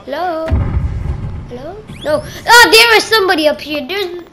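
High, bright-voiced excitable gamer woman. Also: normal speed, slight background noise. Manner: excitable, exclaiming at game events; playful, calls others "bro". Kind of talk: gameplay commentary.

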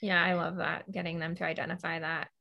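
A woman's voice: on the low side, flat delivery, fairly quick, vocal fry, lo-fi sound. A woman hosting a podcast interview, talking in a loose, chatty way full of "like" and "you know". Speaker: host.

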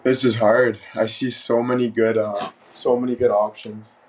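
A man's voice: mid-range voice, normal speed, poor audio. A man chatting casually with viewers on a live stream, asking what to wear and what song to play. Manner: relaxed, chatty, addresses viewers as guys. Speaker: livestreamer.

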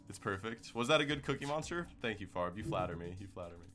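A man's voice: fairly low pitch, lively intonation, a little fast, sharp tone, faint music behind. A man streaming a game live, chatting loosely and joking with his viewers in slangy casual talk. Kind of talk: casual live gameplay commentary.

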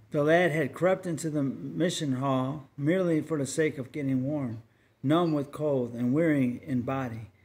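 A man reading a religious tract story aloud in a measured, earnest manner, with occasional stumbles. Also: a little high, darkish tone. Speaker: story reader.

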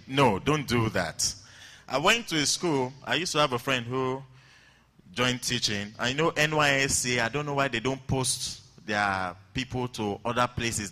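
A man's voice: mid-range voice, moderate pace, pushed and bright. A Nigerian man telling stand-up comedy stories at a large event, acting out scenes with voices and sounds.

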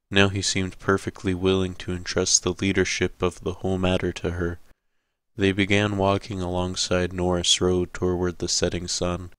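A man narrating an audiobook in a measured, steady way. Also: sits low, clean tone, no echo. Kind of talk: scripted narration.

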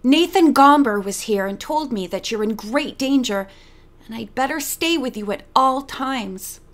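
A woman's voice: fairly high pitch, lively intonation, unhurried. A woman reading the part of an earnest, worried young woman detective in an audiobook. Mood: urgent. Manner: earnest, eager.

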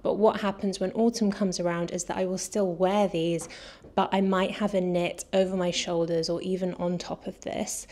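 A woman's voice: fairly low pitch, little pitch movement, normal speed, a little mellow. Chatty, breathless British woman. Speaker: fashion vlogger. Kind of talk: casual try-on haul chat.

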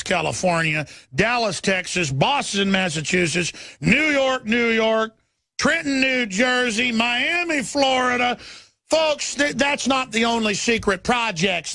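A male talk radio host in a furious political rant, shouting scornful tirades. His voice sits high and gravelly, with a sharp, forceful edge. The sound is dry and close. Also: dry recording. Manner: repetitive hammering delivery.

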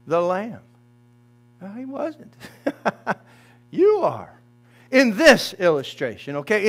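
A man's voice: sits high, a bit bright. A man preaching a sermon as pastor, calling on his congregation and crying out quoted lines at full voice. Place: church sanctuary.

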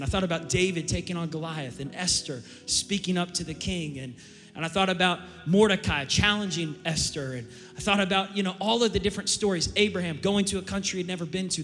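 Chatty pastor in a big hall. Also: male voice, a little high, fairly bright tone. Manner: casual storytelling preacher, drawling and chatty. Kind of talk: sermon. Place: large church auditorium. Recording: long hall reverb, faint music.

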